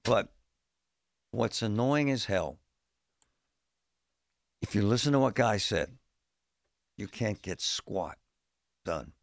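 A man's voice: deep voice, no room sound, clean studio sound. A man hosting a talk radio show, speaking bluntly in a fed-up, folksy way. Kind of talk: opinionated talk radio monologue. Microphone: studio microphone.

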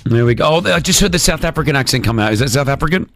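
A man hosting a breakfast radio show, reacting excitedly and firing off questions. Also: medium pitch, racing, faint music behind. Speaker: radio host.

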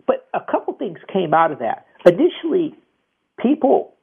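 A man's voice: high voice, big pitch swings, normal speed, gravelly, breathy edge. A man hosting a financial advice call-in radio show in a casual, rambling way, with many repeated restarts. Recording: tinny phone-like radio audio.

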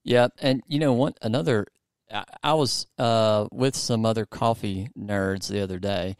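A podcast host chats casually in a low, smooth, resonant voice at normal speed, rambling with lots of fillers and restarts. The recording is dry and close, with no room echo.

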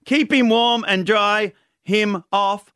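A man's voice: high voice, steady tone, takes it slowly, pushed and bright, clear, resonant tone, dry recording, studio quality, heavily acted. A man voicing a German male tourist with a put-on German accent, delivering a joke's punchline in an archive radio clip. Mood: deadpan punchline. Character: German male tourist, brusque punning rescuer.

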